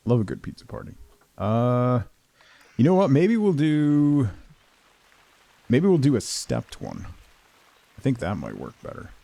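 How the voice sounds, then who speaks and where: A man's voice: medium pitch, wildly swooping pitch, measured pace, gravelly, pauses often, no room sound. A man streaming a building game, chatting casually and teasingly with viewers. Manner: playful, teasing chat with viewers; soft cooing baby talk to a pet. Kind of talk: casual gameplay chat.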